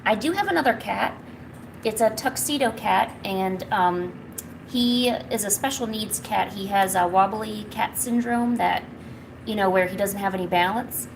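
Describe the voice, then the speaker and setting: A woman's voice: medium pitch, measured pace, gravelly, noisy background. A woman live-streaming from home, chatting casually with viewers and cooing baby talk to her cat. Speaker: art streamer.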